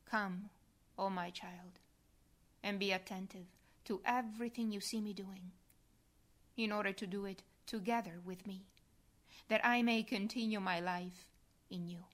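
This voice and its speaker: A woman voicing Jesus, gentle and suffering. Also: mid-range voice, steady tone, pitched below the performer's own voice, natural voice. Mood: tender. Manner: soft, slow, hushed devotional reading. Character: Jesus, a gentle suffering man speaking tenderly.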